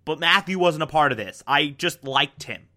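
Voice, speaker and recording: A man's voice: a little high, animated, moderate pace, sharp tone. A man quoting a teenage girl who bluntly admits what she knew, in his own voice.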